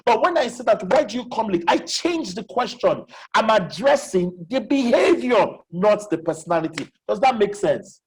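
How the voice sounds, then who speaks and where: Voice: mid-range voice, animated, moderate pace, hardly any pauses, breathy edge, poor audio. A presenter giving a live online lecture as facilitator, repeating key questions and checking that listeners follow. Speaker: webinar facilitator. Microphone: video call.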